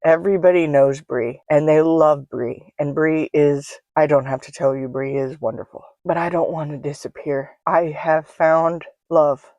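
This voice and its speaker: A woman hosting her own podcast, speaking in a candid, reflective monologue on her own microphone, halting often to restart with soft laughs. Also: deep voice, steady tone, no room sound, lo-fi sound. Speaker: podcast host. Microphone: own microphone, self-recorded.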